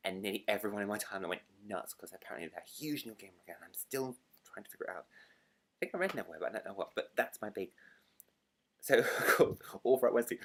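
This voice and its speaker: A young British man chatting excitedly in a casual book vlog, gushing and rambling. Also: fairly low pitch, fast talker. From Britain. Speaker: book vlogger.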